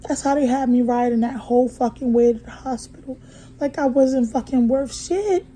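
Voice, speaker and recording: A woman vlogger, telling a story in a blunt, profane way that moves from hushed to heated. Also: high-pitched, normal speed, a little hiss or hum, poor audio. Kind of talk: casual storytime vlog. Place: motel room.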